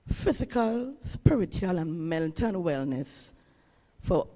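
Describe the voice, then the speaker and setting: A woman from Trinidad and Tobago with a Trinidadian accent, a calypsonian introducing her song from a ceremony stage in an earnest, halting way. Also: fairly low pitch, big pitch swings, mellow, in a large hall. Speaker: calypsonian and guest performer.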